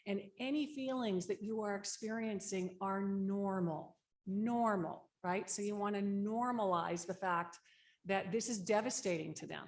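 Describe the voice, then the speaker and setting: A woman's voice: medium pitch, a little slow. A woman leading a conference workshop on grief support. She explains the steps in a practical, conversational way and often checks in with "right?". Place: conference room.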